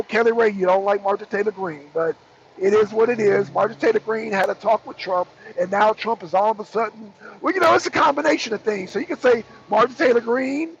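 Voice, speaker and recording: High, gravelly ranting talk show host. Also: male voice, lo-fi sound, slight background noise. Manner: animated, ranting, addresses co-hosts by name. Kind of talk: heated political commentary.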